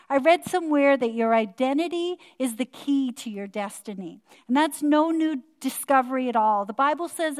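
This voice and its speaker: An older woman pastor delivering a sermon in a measured, earnest manner. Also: sits high.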